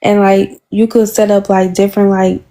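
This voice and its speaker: A woman's voice: mid-range voice, level tone, normal speed, mellow. A young woman with a Chicago accent, chatting casually and rambling with many fillers as a guest. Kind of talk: casual chat.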